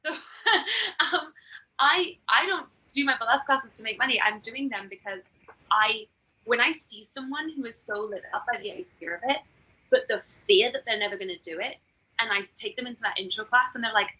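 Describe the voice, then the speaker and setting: A woman who teaches burlesque, chatting in a casual podcast interview and acting out quotes in lively voices. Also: fairly high pitch, fairly quick, breathy edge, rough recording. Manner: animated, acts out quotes in different voices.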